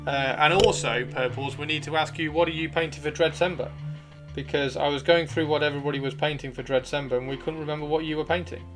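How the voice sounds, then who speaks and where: A man's voice: fairly high pitch, fairly even intonation, fast, over music. A man hosting a casual livestream, reading out viewer comments, playful and chatty, swearing freely and repeating himself. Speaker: livestream host.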